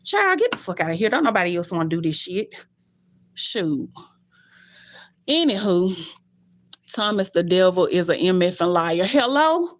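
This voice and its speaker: A young adult woman live-streaming to her viewers, telling stories animatedly, cussing bluntly and jumping in pitch. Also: sing-song, normal speed, long pauses.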